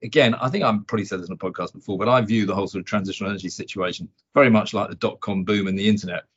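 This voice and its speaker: A man's voice: lowish voice, steady tone, rapid-fire, fairly bright tone, breathy edge. Man hosting a market podcast, lo-fi. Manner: chatty, rambling with many fillers and restarts. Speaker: podcast host. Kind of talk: casual market chat. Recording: dull lo-fi audio.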